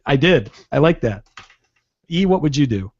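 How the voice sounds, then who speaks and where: A man's voice: a little high, normal speed, dry recording. A man hosting a podcast, trading crude jokes and teasing his co-hosts in casual banter. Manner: joking, animated, teasing. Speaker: podcast host. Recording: dull lo-fi dry sound.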